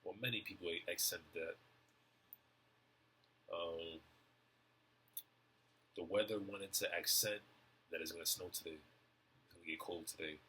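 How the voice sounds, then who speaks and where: A young man in a rambling stream-of-consciousness monologue, halting and repeating words as he muses over word definitions. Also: low voice, fairly even intonation, pushed and bright, slight background noise. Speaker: vlogger.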